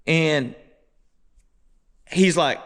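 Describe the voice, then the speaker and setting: A man casually retelling a muddy trail ride, animated and exasperated. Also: on the high side, extremely slow. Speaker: motorbike vlogger. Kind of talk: casual storytelling voice-over.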